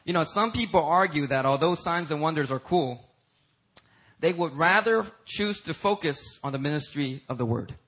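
A man preaching a sermon as pastor, emphatic, rising to high, loud peaks and talking casually to the congregation. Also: lively intonation, moderate pace, slightly rough, rough recording. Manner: uses y'all and casual asides to the congregation.

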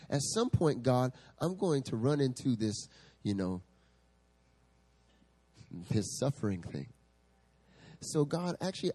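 A male pastor preaches at a church service, telling stories with lively energy and frequent laughter. His mid-range voice has a husky, slightly breathy grain. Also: medium pitch. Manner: animated storytelling, laughs often. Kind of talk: sermon.

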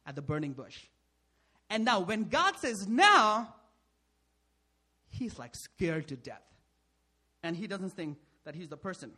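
A male pastor preaching with a husky, breathy edge to a fairly high voice. He asks rhetorical questions, checks in with "right?", and swings between loud emphasis and near-quiet asides. His pitch moves a lot from phrase to phrase. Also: very animated, slow, pauses often. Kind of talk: sermon.

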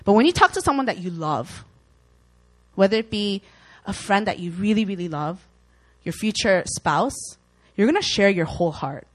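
A woman's voice: medium pitch, expressive, moderate pace, low-quality recording. A young woman giving an informal, earnest Christian teaching in a conversational way, acting out worried inner voices as she goes. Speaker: Christian speaker.

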